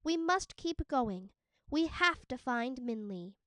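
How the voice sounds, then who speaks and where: Storybook mother, tired but stubborn, firm and fierce, as a woman reader puts her on, clear voice. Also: high-pitched, lively intonation, slow, a bit bright, no room sound, full character voice. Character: weary, stubborn mother searching for her daughter.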